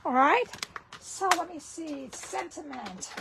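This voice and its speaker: A woman giving a casual card-making tutorial, talking slowly and thinking aloud as she works. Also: high voice, lively intonation, creaky, noisy background.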